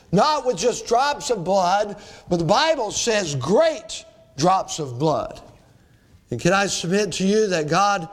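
At an evening church service, a pastor with a fairly high male voice preaches his sermon. Like a seasoned preacher, he climbs to ringing, forceful peaks, then sinks into slow, low, quiet passages.

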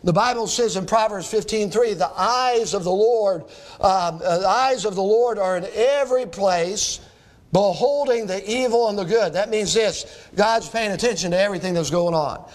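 A man's voice: high voice, moderate pace. A man preaching a sermon to students in a hall, emphatic, repeating phrases and asking the crowd questions. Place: church or school hall before a live audience.

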